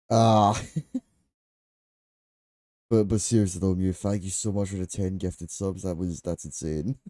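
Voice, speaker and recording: A man's voice: low-pitched, unhurried, long pauses, no echo, clean studio sound. A man streaming a game live, chatting casually with his viewers, laughing often and swearing freely. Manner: excitable and chatty.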